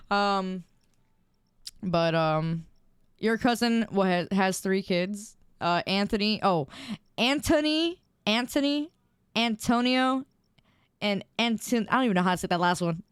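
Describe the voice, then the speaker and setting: A woman's voice: medium pitch, lively intonation, slow, pauses often, clean tone, no room sound, clean studio sound. A young woman streamer in casual chat, reading viewer messages aloud and giggling often.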